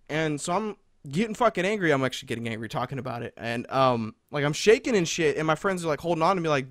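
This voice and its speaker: A man's voice: a little high, animated, fast, a bit bright, dry recording, studio quality. Heated, profane young man telling a story. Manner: profane, heated, rambling with many fillers. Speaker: podcast host. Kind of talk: casual storytelling chat.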